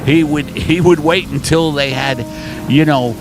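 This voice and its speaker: An older man, a comedian hosting a podcast from a car, telling rambling absurd stories and jumping into shrill character voices. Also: a little slow, music in the background. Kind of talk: rambling absurd comic storytelling.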